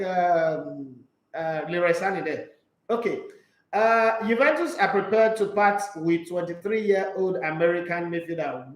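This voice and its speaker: A man hosting a solo sports talk show, reading transfer news aloud and breaking into animated, mocking rants. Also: high voice, reverberant, poor audio.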